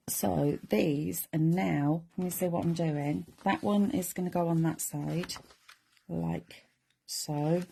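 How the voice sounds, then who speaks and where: Mellow-voiced woman chatting through crafts. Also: sits low, gravelly, slight background noise. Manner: chatty, talks through each step and chats with viewers. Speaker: craft demonstrator. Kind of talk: chatty live crafting demonstration.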